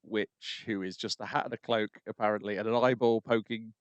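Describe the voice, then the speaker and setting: A man's voice: fairly low pitch, steady tone, a little fast, no room sound. A man hosting a podcast, talking casually and hesitantly with many ums. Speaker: podcast host. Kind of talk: casual chat.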